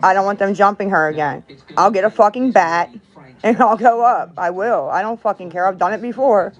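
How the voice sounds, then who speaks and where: A woman's voice: medium pitch, fairly quick, dull audio. A woman streaming live, chatting to viewers in a sarcastic, profane, rambling way. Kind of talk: casual live-stream chat.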